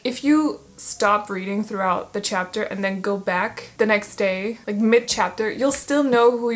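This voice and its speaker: A young woman chatting casually on her channel about books she read, rambling, laughing often and correcting herself as she goes. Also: medium pitch. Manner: rambling, giggly, self-correcting. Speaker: book vlogger. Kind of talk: casual book review chat.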